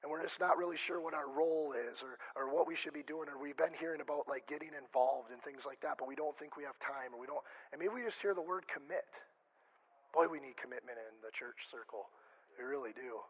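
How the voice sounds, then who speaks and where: A man's voice: on the high side, fairly quick, breathy edge, dull audio. A male pastor preaching a conversational sermon, chatty and joking, often stopping and restarting mid-sentence. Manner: chatty, self-interrupting, joking asides.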